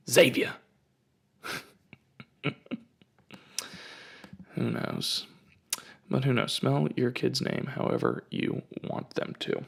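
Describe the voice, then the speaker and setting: A man with a heavily gravelly, creaky voice hosts a casual comedic podcast from his house. He rambles through stories and riffs with a jokey, ranting edge, speaking into a home microphone at a middle pitch. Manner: ranting, jokey storytelling with asides. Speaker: podcast host.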